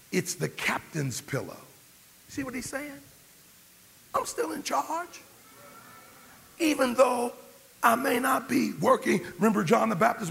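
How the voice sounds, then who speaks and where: A man preaching a sermon, animated, with shouting at his peaks and joking asides. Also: fairly high pitch, creaky. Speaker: pastor. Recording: long hall reverb.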